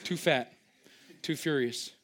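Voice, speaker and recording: A man preaching a sermon, animated and storytelling, who acts out little scenes with sudden high-pitched outbursts and drops into quiet asides. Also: takes it slowly, crowd noise, background noise. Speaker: pastor.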